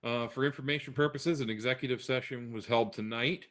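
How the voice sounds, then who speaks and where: A man's voice: medium pitch, steady tone, a little fast, a bit bright. A man chairing a school board meeting, reading procedural notices in a plain way with many fillers.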